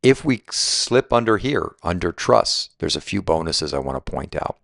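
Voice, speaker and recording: A man with a very low, deep voice leads a walking home tour, upbeat and chatty and quick to poke fun at himself. The sound is close and dry, with almost no room echo. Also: big pitch swings, gravelly, a bit bright. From Southwest Florida resident. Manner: enthusiastic, chatty, self-deprecating, keeps saying right. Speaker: real estate agent giving a home tour. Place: walking through a house and outdoors by a pool.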